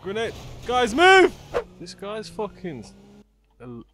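A man with doing excitable gameplay commentary, yelling and cursing at other players. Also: sits high, measured pace, slight background noise. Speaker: gaming YouTuber. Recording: game music playing underneath.

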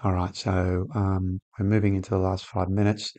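Gravelly man commentating a football game. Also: low-pitched, moderate pace. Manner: excitable, shouts at players on screen. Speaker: gaming channel host. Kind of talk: casual gameplay commentary.

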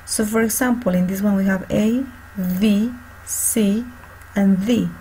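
Teacher lady, gravelly voice, slow careful explaining, faint hiss behind. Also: mid-range voice, fairly even intonation, mellow, low-quality recording. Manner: slow, repeats and spells out words for students. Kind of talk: online class instruction. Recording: faint background noise.

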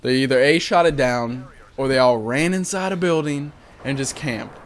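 A man's voice: medium pitch, moderate pace. A young adult man giving casual voice-over commentary on his own gameplay, candid, profane and joking at his own expense. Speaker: gaming commentator.

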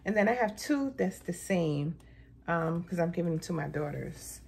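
A woman's voice: moderate pace, vocal fry. A middle-aged woman, chatting casually in a haul vlog and saying "y'all" often. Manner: chatty, keeps saying "y'all", pitch jumps high when excited. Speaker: vlogger.

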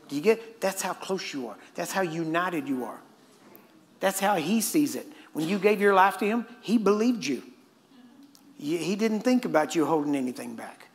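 A middle-aged man with a high, lively voice preaches a sermon at a normal pace, keeping it conversational. He often asks his listeners "Amen?", acts out the voices he quotes, and chuckles mid-point.

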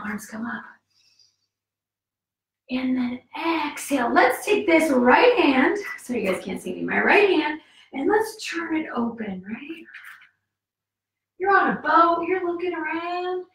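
A woman's voice: high voice, very animated, takes it slowly, long pauses, fairly bright tone. A woman teaching a yoga class for kids, coaxing and cheerful, counting moves aloud and a little out of breath. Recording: echoey room, voice from far off.

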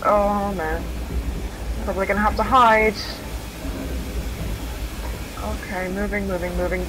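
A woman's voice: on the low side, noisy background. A young woman giving let's play commentary on a horror game, talking to herself, swearing and exclaiming when startled.

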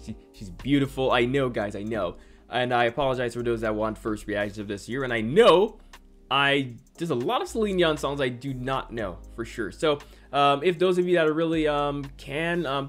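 A man from the Caribbean hosting a reaction channel, talking in a casual, excitable and apologetic way, often stammering and repeating himself. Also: mid-range voice. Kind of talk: casual music reaction commentary.

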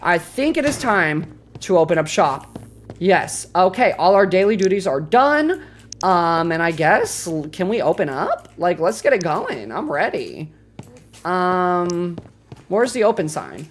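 A woman streaming a cooking game, excitable and foul-mouthed, talking to her chat and flaring into loud exclamations when flustered. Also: on the low side, measured pace. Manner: excitable, swears a lot, talks to chat. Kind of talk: live gameplay commentary.

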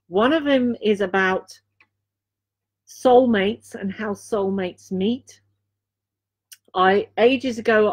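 A woman from Dorset, England, gives a live intuitive card reading in a mid-range voice. She speaks earnestly, returning again and again to key phrases and pausing on fillers as she feels her way through the reading. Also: mid-range voice. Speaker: intuitive reader and healer.

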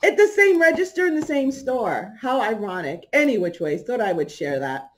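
A woman's voice: fairly high pitch, big pitch swings, moderate pace. A middle-aged woman hosting a podcast, telling a personal story in a casual way. She laughs often and acts out the people she quotes. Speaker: podcast host.

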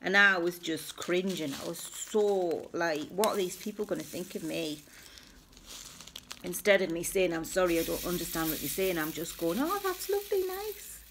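A woman's voice: steady tone, moderate pace, a bit bright, a little hiss or hum. A woman telling a funny personal story in a casual, self-mocking way. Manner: chatty, self-mocking, acts out her own high cheery replies.

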